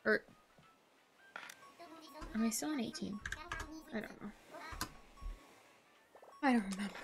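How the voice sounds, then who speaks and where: A woman's voice: a little high, slow, vocal fry, long pauses. A young woman hosting a casual let's-play, chatting and gushing with bubbly delight over a cozy game. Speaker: gaming channel host. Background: game music.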